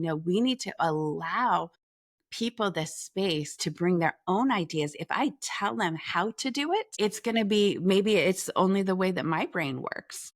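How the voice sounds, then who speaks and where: A woman with a slightly low-pitched voice shares a personal anecdote as a guest on an interview show. She tells it with animation, acts out both sides of the conversation, and restarts her sentences as she talks. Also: no room sound, studio quality. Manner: lively storyteller who acts out the dialogue; talks through restarts and filler phrases. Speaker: podcast guest, leadership coach.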